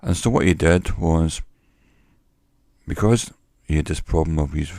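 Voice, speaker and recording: A man, a former salesman, telling a wry story to camera in a slow, deliberate way on a cheap microphone. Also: rumbling low, dark tone, no echo, clean studio sound. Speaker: vlogger. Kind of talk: casual monologue to camera.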